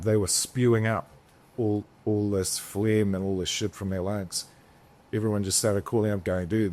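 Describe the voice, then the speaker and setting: A man with a lowish voice talks as a podcast guest in a loose, casual storytelling way. He rambles, circles back, and restarts his sentences often. He drops swear words freely along the way. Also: a little mellow. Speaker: podcast guest, business founder.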